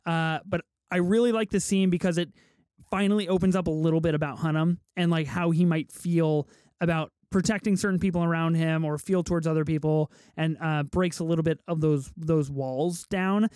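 A man's voice: fairly high pitch, steady tone, brisk, a little mellow, clear, resonant tone, dry recording, clean studio sound. A man hosting a podcast who steers the conversation, wry and teasing with his co-hosts. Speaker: podcast host. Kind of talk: casual chat.

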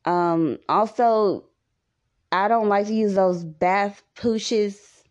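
A woman's voice: medium pitch, drawn-out words, lo-fi sound. A woman hosting a podcast, giving rambling, repetitive advice in a casual monologue. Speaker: podcast host.

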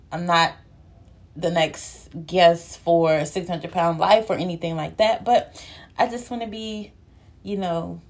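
Young woman podcast host, winded and breathy, loose playful chatter, lots of filler ums. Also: fairly low pitch. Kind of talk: casual solo podcast chat.

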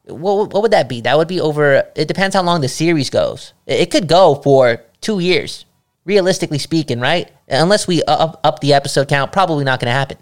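A man's voice: a little high, lively intonation, fairly quick. A man co-hosting a podcast in casual chat, joking and slangy, from Canada. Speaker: podcast co-host.

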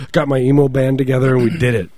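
A man's voice: mid-range voice, mellow, no echo. Podcast guy joking around, laughs a lot, dry close mic. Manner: jokey, laughs often, acts out quotes in silly voices. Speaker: podcast co-host. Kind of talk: casual comedic chat.

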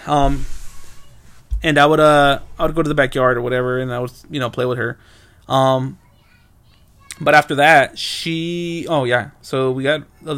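A man's voice: medium pitch, gravelly, fairly bright tone. A young man hosting a podcast, telling loose, rambling stories in casual chat, swearing freely and correcting himself often. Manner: rambling, loose and profane, many fillers and self-corrections. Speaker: podcast host. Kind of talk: casual solo storytelling.

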